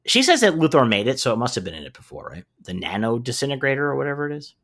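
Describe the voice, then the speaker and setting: A man in casual podcast chat, walking through a cartoon episode scene by scene. His pitch swings widely as he talks, and he fills the pauses with plenty of "uh" and "um." Now and then he drops in a swear word. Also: sing-song, fairly bright tone. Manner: rambling recaps with many fillers, swearing. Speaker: podcast co-host.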